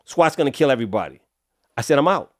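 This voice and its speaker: A middle-aged man from Los Angeles, a podcast guest telling his life story in a casual, streetwise way, often clearing his throat. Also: mid-range voice, very animated, fast, no echo, studio quality. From Los Angeles, USA.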